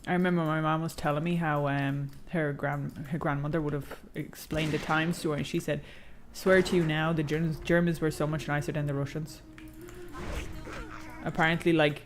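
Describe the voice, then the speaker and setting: A game streamer with a medium-pitched voice chats casually while playing, using slang and profanity as he reads chat aloud and rambles with lots of fillers. There's slight background noise.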